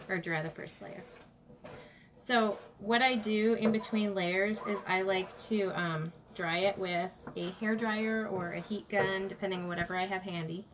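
A woman's voice: mid-range voice, noisy background. Chatty woman crafting on a livestream. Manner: chatty, greets viewers by name mid-task. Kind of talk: casual how-to demonstration.

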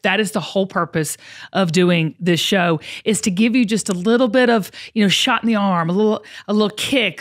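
A middle-aged woman, hosting a casual podcast in a folksy, emphatic way, often repeating herself. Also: mid-range voice. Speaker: podcast host.

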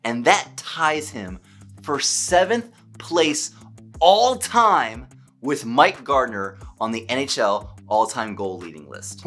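A man who is a hockey fan vlogger, giving an excited solo game recap, emphatic and stumbling over his words when worked up. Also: a little high, husky.

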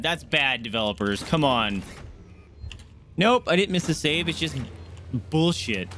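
A man's voice: fairly high pitch, big pitch swings, a little slow, fairly bright tone, a little hiss or hum. A man hosting a let's play, commenting on a horror game with sarcasm and frequent swearing. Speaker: gaming channel host.

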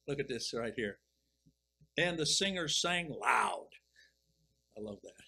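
A middle-aged man preaching, reading scripture slowly and deliberately, then commenting with emphatic swells. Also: medium pitch, animated, gravelly, sharp tone, husky, poor audio. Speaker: pastor. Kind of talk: expository sermon reading and explaining scripture.

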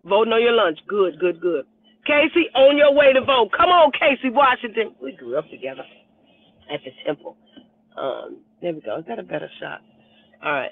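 A woman's voice: fairly high pitch, very animated, measured pace, dry recording. A woman hosting a casual live stream, greeting viewers one by one by name and laughing often while urging them to vote. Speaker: livestream host. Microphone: phone camera held at arm's length. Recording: tinny phone-like audio.

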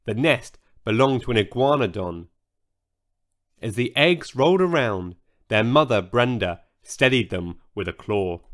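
A man reading a children's bedtime story aloud in a slow, expressive storyteller manner. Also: fairly low pitch. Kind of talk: scripted children's story narration.

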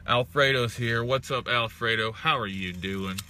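A man's voice: mid-range voice, normal speed, background noise. A young man from Texas hosting a casual live stream, greeting viewers and ranting with heavy profanity.

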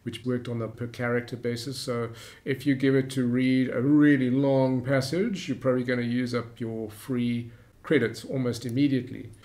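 Guy doing a screen tutorial, laid back, lots of uhs, gravelly voice. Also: mid-range voice. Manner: relaxed explaining with frequent "uh" fillers. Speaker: YouTube tutorial host. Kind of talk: screen-recorded software tutorial.

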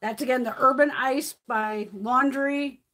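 A woman's voice: high voice, fairly even intonation, unhurried, a bit bright. A woman hosting a casual live stream, telling stories bluntly with plenty of swearing and frequent laughter. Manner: blunt, heavily profane storyteller; laughs often while talking. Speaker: livestream host.

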